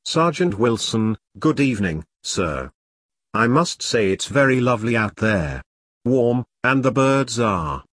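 A man reading the part of a vague, polite, gentlemanly army sergeant. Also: medium pitch, very animated, dry recording, studio quality. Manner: polite, unhurried, mildly evasive.

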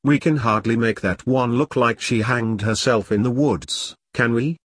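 A man's voice: medium pitch, measured pace, breathy edge, no room sound, clean studio sound. A man voicing a pompous, furious leader of a secret order who barks insults. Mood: raging. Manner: ranting, barking insults.

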